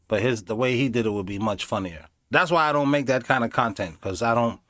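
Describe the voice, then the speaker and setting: A man doing casual live commentary on videos, animated and sarcastic, slipping into mocking voices. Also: medium pitch, a little fast, no echo, studio quality. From inner city. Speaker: streamer reacting to videos.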